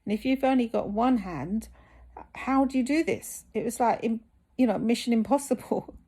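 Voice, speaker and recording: A woman's voice: on the high side, moderate pace, warm tone, husky. A woman from the UK talking candidly to camera in a vlog, hesitant with many ums and restarts, and tired. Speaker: fitness vlogger recovering from surgery.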